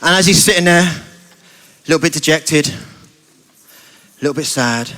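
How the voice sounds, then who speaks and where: A man's voice: fairly high pitch, takes it slowly, bright, forceful tone. A man telling a playful story to children during a family church service.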